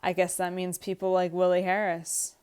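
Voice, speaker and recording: A woman's voice: on the low side, completely flat delivery, normal speed, darkish tone, smooth, lightly acted. A woman reading aloud the lines of a weary, patient young wife from a script. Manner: read aloud from a script, lightly acted.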